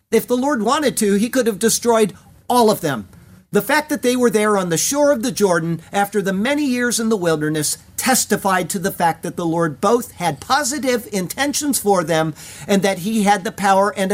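A man, preaching a verse-by-verse sermon, reading scripture aloud and explaining it with casual asides. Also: high voice. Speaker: pastor.

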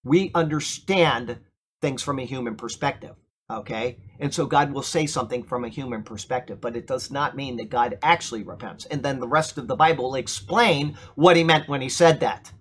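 Speaking at a normal speed with a medium-pitched, fairly bright voice, a middle-aged pastor leads a Bible class in a church. His manner is emphatic, and he frequently asks the class "okay?" to check they're following. Slight background noise is audible.

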